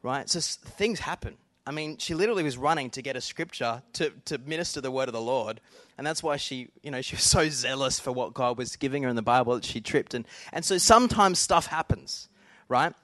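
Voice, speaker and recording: A man's voice: mid-range voice, lively intonation, brisk, fairly bright tone, dry recording. A middle-aged man preaching a sermon in an earnest, conversational way, talking directly to the congregation. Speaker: pastor.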